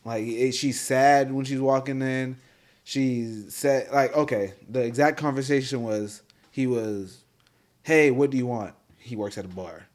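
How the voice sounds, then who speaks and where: A man's voice: mid-range voice, measured pace. Slangy man telling a story casually. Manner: loose, slangy storytelling with lots of fillers. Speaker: podcast co-host. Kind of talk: casual chat.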